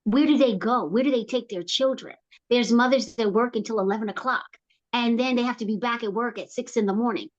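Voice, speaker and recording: A middle-aged woman who founded a program tells her life story as an interview guest, speaking a little fast. She is animated, acting out quotes with big pitch jumps, and the recording sounds lo-fi.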